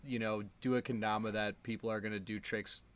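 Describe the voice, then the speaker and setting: A man's voice: on the low side, level tone, a little fast, fairly bright tone. A man hosting a casual interview, enthusiastic and stumbling over his restarts. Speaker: interview host.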